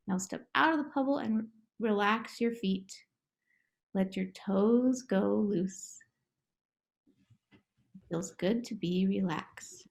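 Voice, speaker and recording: A young adult woman speaks at an unhurried pace, gentle and coaxing, as if leading children through a relaxation game. Her pitch sits in a middle range. She sounds like a therapist explaining her work. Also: gravelly. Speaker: play therapist. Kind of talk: guided relaxation script for children.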